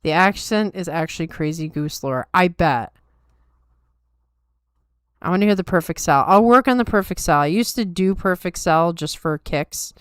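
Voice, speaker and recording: A tired-sounding podcast host, a woman, makes wry, self-deprecating small talk with her live chat viewers. She speaks at normal speed in a fairly low, expressive, smooth voice, captured dry with clean studio sound.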